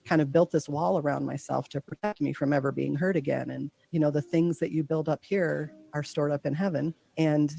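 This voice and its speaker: A woman guest earnestly recounting a deeply personal experience, acting out her own thoughts in quotes. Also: fairly even intonation, brisk, gravelly, few pauses, mellow. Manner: earnest, heartfelt. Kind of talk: personal storytelling.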